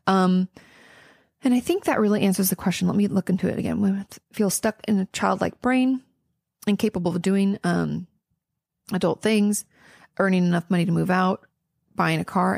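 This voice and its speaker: A woman's voice: fairly low pitch, gravelly, a little mellow, dry recording, studio quality. A young woman hosting a podcast, answering listener questions in an earnest, reassuring way, tired and yawning, with plenty of ums and restarts. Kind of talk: casual advice talk.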